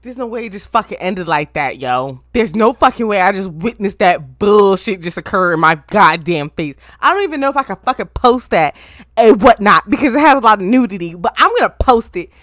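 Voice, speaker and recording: A woman hosting an anime reaction video, ranting excitedly and swearing freely at her viewers. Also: mid-range voice, fairly quick, dry recording, studio quality. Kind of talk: casual reaction commentary.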